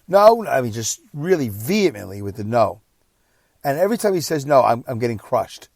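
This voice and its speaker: A tired, exhausted man hosting a podcast, telling a personal story in a rambling, emotional way that swings between quiet and loud. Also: medium pitch, very animated, a little fast, creaky, no room sound, studio quality. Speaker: podcast host.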